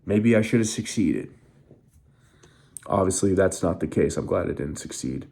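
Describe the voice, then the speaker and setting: A man's voice: low-pitched, expressive, normal speed, gravelly, warm tone. A young man, a veteran, telling his own story on camera in an angry, bitter, heavily profane way. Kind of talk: emotional first-person storytelling.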